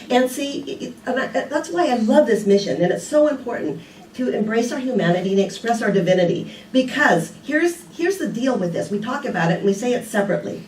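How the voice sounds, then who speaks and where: A woman's voice: fairly high pitch, expressive, a little fast, a little mellow, slight background noise. An older woman giving a casual sermon, telling stories and asking rhetorical questions in a conversational way. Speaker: speaker at a spiritual community. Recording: echoey room, picked up from a distance.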